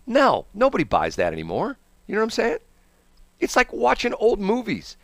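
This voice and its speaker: A man's voice: high-pitched, huge pitch swings, moderate pace, dry recording. A man with a St. hosting a radio show, rambling and acting out quotes in put-on voices. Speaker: radio host. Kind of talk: casual on-air banter. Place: radio studio.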